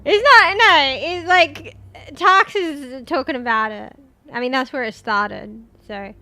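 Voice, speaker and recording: An Australian woman streams a game and chats to her viewers in a bright, sharp voice. She sits a touch high in pitch, takes her time over each phrase and swears freely in an offhand way. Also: slow pace. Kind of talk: casual game-stream chat.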